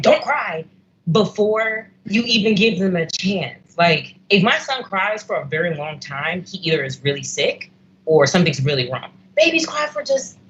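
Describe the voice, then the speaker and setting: A woman's voice: lowish voice, fairly bright tone. A woman on a talk panel, speaking earnestly and reflectively in casual conversation. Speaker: guest panelist. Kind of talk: casual discussion. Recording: dull audio with faint noise.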